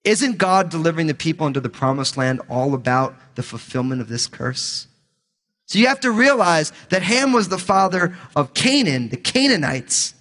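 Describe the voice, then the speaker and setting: A male pastor teaching the Bible in a relaxed, conversational way, with jokey asides between scripture readings. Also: fairly high pitch, moderate pace, long reverb tail.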